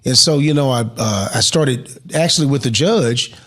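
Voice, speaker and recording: A middle-aged man recounts his story as an interview guest. His voice is husky, his pitch sits in an ordinary middle range, and he swings from excited rises to near-whispered moments. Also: moderate pace. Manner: animated storyteller who drops to a hush at emotional moments. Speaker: interview guest, motivational speaker.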